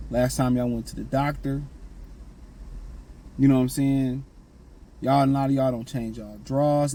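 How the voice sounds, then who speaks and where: A man's voice: medium pitch, mellow, low-quality recording. A man giving blunt, slangy dating and self-improvement advice in a casual, repetitive monologue.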